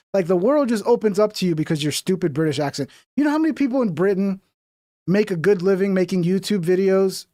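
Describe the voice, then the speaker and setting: A man's voice: high voice, a little mellow, no room sound, clean studio sound. A man from the United States giving rambling, profane, mocking commentary while reacting to clips on a stream.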